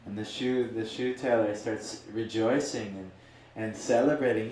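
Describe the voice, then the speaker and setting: A man's voice: fairly low pitch, measured pace, hardly any pauses, darkish tone, a little hiss or hum. Male spiritual teacher, casual rambling storyteller, distant mic, echoey room. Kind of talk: storytelling talk.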